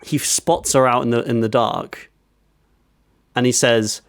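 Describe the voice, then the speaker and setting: A man's voice: mid-range voice, fairly even intonation, moderate pace, vocal fry, no echo, studio quality. A man on a podcast telling a story, acting out quotes as he goes. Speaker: podcast co-host. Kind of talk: casual chat.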